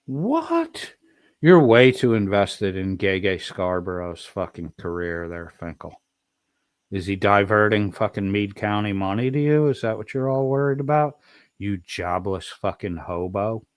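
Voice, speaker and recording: A man's voice: lowish voice, normal speed, clear, resonant tone, no echo, clean studio sound. A man streaming profane, mocking commentary, swearing constantly and throwing insults at someone in a clip.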